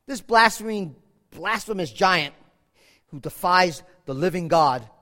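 A man's voice: high-pitched, lively intonation, measured pace, pushed and bright, full character voice. A man voicing a bold young shepherd boy, speaking with emphatic, incredulous force. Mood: confident. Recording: echoey hall reverb.

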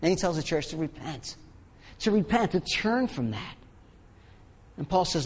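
A man's voice: fairly high pitch, sing-song, normal speed, slightly rough. A man preaching a sermon as pastor, in a conversational way with sarcastic asides. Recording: long hall reverb.

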